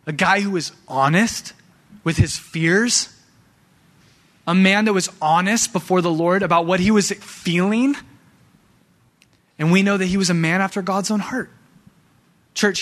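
Pastor, male, higher-pitched, lively pulpit delivery, speaks straight to the congregation. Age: young adult to middle-aged, father of young sons. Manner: animated preaching, addresses the church directly. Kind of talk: sermon.

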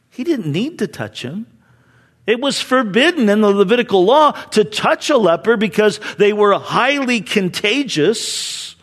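Middle-aged preacher guy, high voice that jumps all over, slow deliberate sermon, goes loud then drops to a whisper. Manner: expressive preaching, swings from loud emphasis to hushed near-whispers.

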